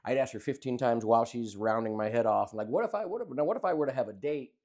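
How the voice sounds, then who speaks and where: A man co-hosting a casual podcast, telling a rambling, animated story and swearing freely. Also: mid-range voice, fast talker. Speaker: podcast co-host. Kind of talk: casual chat.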